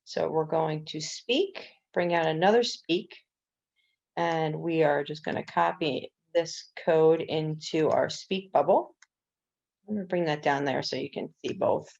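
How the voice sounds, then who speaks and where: A woman with a low, gravelly voice explains a coding tutorial step by step, dropping in casual "um"s as she goes. The recording is dull and lo-fi. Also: unhurried, darkish tone. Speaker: coding instructor.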